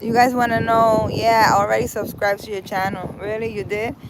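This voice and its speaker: A woman's voice: on the high side, flat delivery, a little fast. A woman from New hosting a casual live stream, reading out viewer comments and answering them frankly, with lots of fillers. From United States. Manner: chatty, frank, talks straight to viewers with many fillers. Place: outdoors in a city. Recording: outdoor wind and traffic noise.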